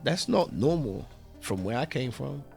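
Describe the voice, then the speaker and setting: A man from London, a guest in an interview, telling a heartfelt story and rising to animated bursts when he stresses a point. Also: medium pitch, measured pace, vocal fry, soft background music. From London, England.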